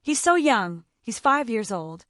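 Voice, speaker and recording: Woman chatting casual parenting advice, kinda high voice, dry close sound, lots of "like". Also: very animated, unhurried, fairly bright tone, dry recording. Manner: chatty, fills speech with "like", acts out quoted dialogue. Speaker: parent of autistic children giving advice.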